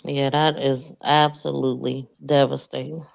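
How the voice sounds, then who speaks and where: A woman hosting a crime podcast, soft-spoken and hesitant, with many fillers. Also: extremely low pitch, level tone, normal speed, vocal fry. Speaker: podcast host. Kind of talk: casual crime podcast discussion. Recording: dull lo-fi dry sound.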